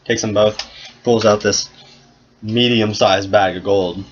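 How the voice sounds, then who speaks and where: A man's voice: on the low side, steady tone, a little slow. A man narrating as game master of a tabletop game in a casual, swearing way. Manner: casual, swearing, laughs at his own story. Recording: dull lo-fi sound with noise.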